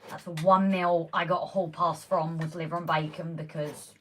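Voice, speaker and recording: A woman with a lowish voice chats and teases her way through a home live stream, often laughing. She sits in a hobby room, and a faint hiss runs under her voice. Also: flat delivery, normal speed. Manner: chatty and teasing, often laughing. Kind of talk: casual live-stream chat.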